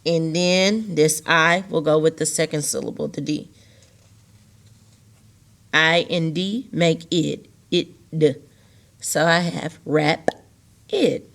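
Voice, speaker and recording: A woman's voice: sits low, fairly even intonation, slow, creaky, long pauses, fairly bright tone. A woman teacher walking young students through a recorded video lesson, repeating key words patiently and stressing them in a sing-song way.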